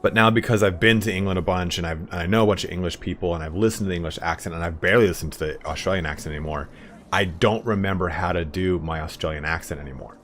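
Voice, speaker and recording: A man's voice: sits low, fast talker, a bit bright, slight background noise. A young man chatting casually on a game stream, rambling and swearing freely, with lots of filler words. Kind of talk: casual live-stream chat.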